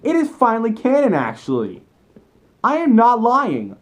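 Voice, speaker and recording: A young man vlogging an excited, rambling fan rant with frequent self-corrections. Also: very high voice, measured pace.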